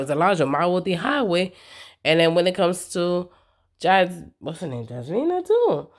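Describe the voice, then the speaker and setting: Animated woman recapping reality TV. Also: fairly low pitch, normal speed. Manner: animated, emphatic, slangy, talks straight to viewers. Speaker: TV recap vlogger. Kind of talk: casual reality-TV recap commentary.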